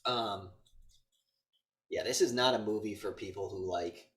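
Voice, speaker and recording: A man's voice: on the low side, a little slow. Swearing man recapping a movie. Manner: animated retelling with acted-out quotes, frequent swearing. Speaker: podcast co-host. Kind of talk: casual movie review chat.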